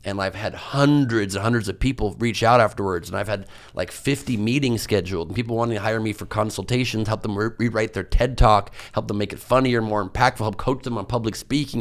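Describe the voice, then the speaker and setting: A man's voice: fairly low pitch, fairly quick, hardly any pauses. A man, a comedian guest on a podcast, telling stories in a rambling, self-mocking way with lots of fillers. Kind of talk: casual podcast storytelling.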